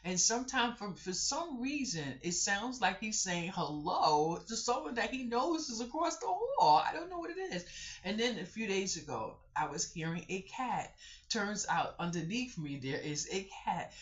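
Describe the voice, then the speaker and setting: A vlogger telling a personal story in a casual storytelling vlog, chatty and animated, talking straight to viewers and repeating the same catchphrase. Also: mid-range voice, moderate pace. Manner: animated storyteller, repeats "I kid you not", acts out others' voices; chatty, addresses viewers directly. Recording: dull lo-fi recording.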